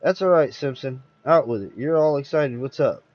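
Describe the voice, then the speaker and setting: A man voicing a smooth-talking male con man who passes himself off as an oil locator, breezy and ingratiating. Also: mid-range voice, moderate pace, darkish tone, highs cut off, close to an everyday voice.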